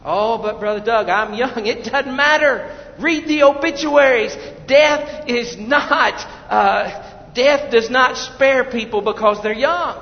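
A man's voice: extremely high pitch, takes it slowly, few pauses. Man preaching urgently in an echoey hall. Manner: swings from loud urgent preaching to hushed prayer. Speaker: pastor. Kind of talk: evangelistic sermon. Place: church sanctuary. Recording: dull echoey church hall recording with faint noise.

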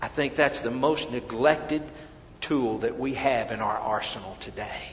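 A male pastor preaching a sermon, swinging between soft, hushed lines and loud emphatic ones and often repeating words as he restarts. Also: medium pitch, a little slow, slight background noise. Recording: echoey hall, dull lo-fi sound.

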